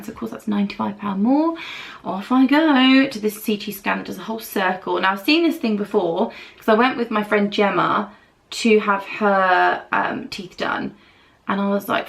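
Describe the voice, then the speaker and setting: This British beauty vlogger, a young woman, chats through a rambling story while applying makeup and performs other people's dialogue as she goes. Her voice is mid-range and gravelly.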